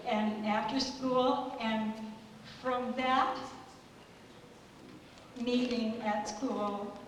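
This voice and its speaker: Soft-spoken older woman in an echoey hall. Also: a little high, fairly even intonation, extremely slow, pauses often. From United States. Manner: soft-spoken, chatty, with restarts. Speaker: guest giving a speech. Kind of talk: anniversary party speech, storytelling. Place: large banquet hall. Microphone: far room microphone. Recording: echoey hall from far off, noisy.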